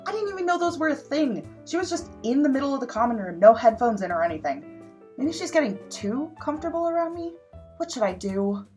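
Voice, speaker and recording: A woman's voice: high voice, big pitch swings, fairly quick, a little mellow, soft background music. A woman playing a young college student reading her earnest letters home in a comic monologue. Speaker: improv performer.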